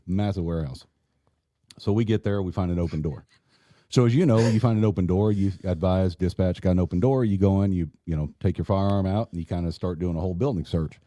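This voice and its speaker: Middle-aged man, retired cop guest, animated storyteller, dry close sound. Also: sits low, no echo. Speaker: retired police officer guest. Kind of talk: casual storytelling.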